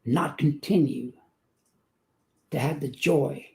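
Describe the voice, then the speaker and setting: Seventy-something man, earnest guest, gravelly and dark. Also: fairly high pitch. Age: 70s. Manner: earnest, slow emphatic phrasing. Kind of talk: faith testimony and joke telling.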